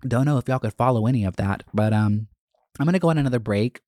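A man hosting his own podcast, telling a story in a loud, dramatic, profane way that jumps up in pitch for emphasis. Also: fast, no room sound, studio quality. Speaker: podcast host. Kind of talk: casual solo monologue.

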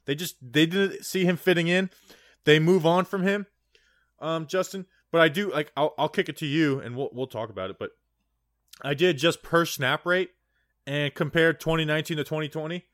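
A man's voice: on the high side, moderate pace, a bit bright, no room sound, studio quality. Rambling man on a casual sports podcast. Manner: rambling, digressive, heavy on "like". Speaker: podcast co-host.

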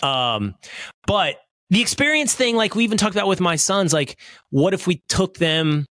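Lively, chatty male podcast host. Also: sits high, moderate pace. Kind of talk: casual chat.

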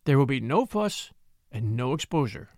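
A calm gentleman speaks gently and reassuringly, voiced by a male reader. His pitch moves easily and expressively, and the recording is close and dry. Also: moderate pace, dry recording. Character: calm, kind-seeming gentleman stranger.

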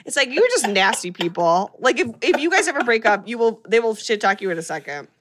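A woman co-hosting a casual podcast, retelling a film's plot with lively storytelling and quick voiced-out lines for its characters. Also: on the high side, slight background noise. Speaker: podcast co-host recapping a film. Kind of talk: casual chat.

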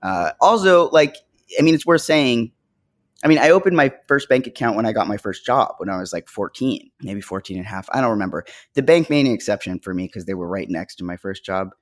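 Stammery low-voiced podcast co-host. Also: male voice, animated, a little fast. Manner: stammering, hesitant, full of fillers. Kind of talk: casual chat and monologue.

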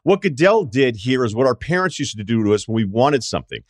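A man's voice: medium pitch, very animated, fast, no room sound, studio quality. Sarcastic man ranting about sports. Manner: sarcastic, mocking impressions of others. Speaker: podcast host. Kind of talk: opinionated sports talk monologue.

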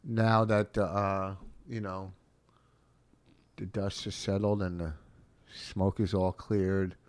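Low-voiced and slow, this middle-aged stand-up comic delivers his words flatly. His casual podcast chat is gruff, profane and rambling.

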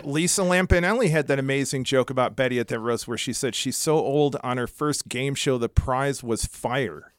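A man's voice: medium pitch, moderate pace, few pauses, dry recording. A man guesting as a comedy writer, telling anecdotes and laughing through them in casual chat.

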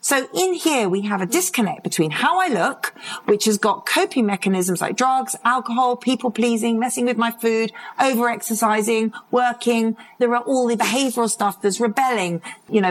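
A woman's voice: on the high side, normal speed, low-quality recording. Woman speaker at a live conference. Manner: vivid storytelling, acts out quoted voices. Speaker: addiction expert speaking live. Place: conference hall, live audience.

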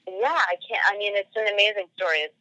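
A woman's voice: mid-range voice, fast, bright, forceful tone, no room sound, highs cut off. A woman guest on a podcast telling a personal story casually, full of "like" fillers and acted-out quoted dialogue.

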